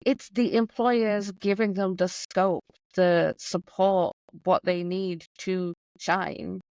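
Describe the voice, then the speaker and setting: A woman guest, a self-employed coach, talking in an animated way in a conversational interview, with quick bursts of speech. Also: fairly low pitch, dry recording.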